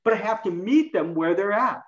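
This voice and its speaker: A man speaking as a guest in an interview, explaining communication to health practitioners in an animated way and acting out quoted lines. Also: high-pitched, moderate pace, echoey room, lo-fi sound. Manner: animated, acts out patients and himself in quoted lines. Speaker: health coaching expert guest.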